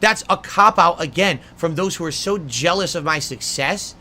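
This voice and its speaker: High, bright-voiced indignant streamer man. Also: moderate pace. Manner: indignant, sarcastic. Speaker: livestreamer. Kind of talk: defensive talk to stream chat.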